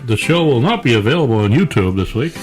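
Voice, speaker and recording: A man's voice: mid-range voice, animated, fast talker, soft background music. Joking man podcast co-host. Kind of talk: casual banter.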